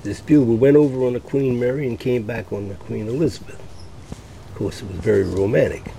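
Older man telling lively show-business stories. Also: mid-range voice, quick pace, gravelly, slight background noise. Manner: lively anecdotal storyteller, acts out quoted voices. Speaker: guest, veteran voice actor and musician. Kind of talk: radio interview storytelling.

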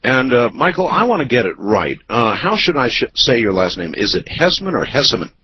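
A man hosting a radio talk show, speaking in a measured, drawn-out way with many pauses. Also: mid-range voice, very animated, sharp tone. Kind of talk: late-night radio talk. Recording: muffled broadcast audio with faint hiss.

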